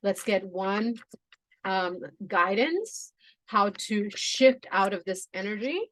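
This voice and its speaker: A woman's voice: mid-range voice, expressive, takes it slowly. A woman doing a spiritual tarot reading, talking in a soothing, reassuring way with many "you know" and "okay" asides. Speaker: tarot reader.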